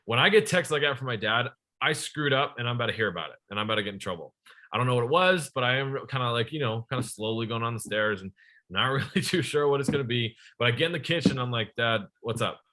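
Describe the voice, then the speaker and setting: A young man leads a sales training session with a bright, forceful voice. He talks to the room directly, firing questions at his listeners and keeping the energy up. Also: mid-range voice, quick pace. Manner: energetic, addresses the audience directly.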